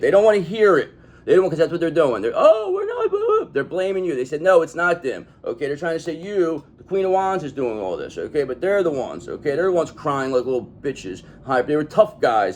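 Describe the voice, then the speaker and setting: In a medium-pitched, darkish voice, a tarot reader delivers a reading emphatically and with plenty of profanity, frequently asking "okay?".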